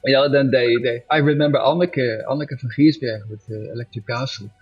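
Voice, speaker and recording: A man's voice: mid-range voice, steady tone, fairly quick, slightly rough. A man talking casually in an interview as a musician guest, rambling and correcting himself, laughing often. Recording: dull lo-fi audio with faint music.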